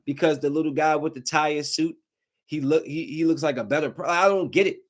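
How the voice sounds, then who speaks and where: Heated ranting man with a high voice. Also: a little fast. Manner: heated, ranting, rising to near-shouting when angry. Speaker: podcast host. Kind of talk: casual ranting monologue.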